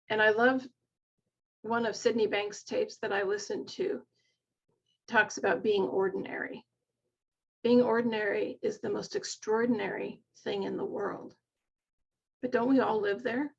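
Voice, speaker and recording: A woman's voice: mid-range voice, creaky, slightly rough, muffled recording. A middle-aged woman, a nurse coach, speaking in an earnest, heartfelt way and retelling stories of her patients in a reflective conversation. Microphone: video call.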